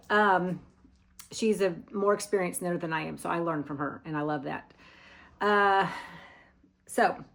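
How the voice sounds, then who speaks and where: A middle-aged woman from Arkansas hosting a knitting vlog, chatting to camera in a rambling, friendly way with fillers and restarts. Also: mid-range voice. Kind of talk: casual chat to camera.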